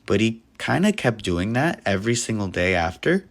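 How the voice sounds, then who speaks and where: A young man telling a funny personal story in a dry delivery that keeps jumping into lively acted voices. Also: on the low side, moderate pace, vocal fry.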